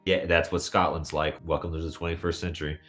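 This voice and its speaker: A young American man with a very low voice talks his way through loose tangents on a casual podcast. His jokes land deadpan. Faint music sits under the talk. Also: fast. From United States. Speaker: podcast host.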